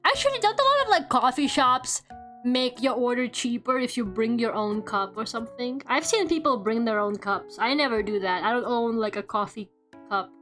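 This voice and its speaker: A woman's voice: on the high side, animated, moderate pace, a bit bright, soft background music. A young woman chatting casually as a VTuber while she draws on stream, rambling playfully with lots of "like" and casual swearing.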